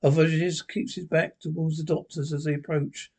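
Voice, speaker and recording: A man's voice: on the high side, little pitch movement, moderate pace, a little mellow. A man reading stage directions from a script aloud, plainly and with some stumbles. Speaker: reader.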